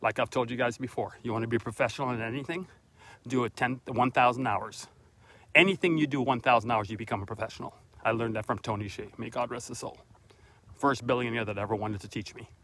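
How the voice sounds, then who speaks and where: A man's voice: mid-range voice, fairly even intonation, fast, a bit bright. A middle-aged man hosting a motivational vlog, talking earnestly and a bit preachy straight to his viewers while out on a walk, recorded on a handheld phone. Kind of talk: casual motivational monologue on a walk. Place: outdoors on a walk, then at his front door. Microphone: phone camera held by the speaker.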